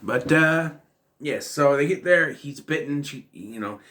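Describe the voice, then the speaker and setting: A man's voice: on the high side, expressive, unhurried, a bit bright. A man giving a casual, rambling film commentary, full of fillers and restarts. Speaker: film reviewer.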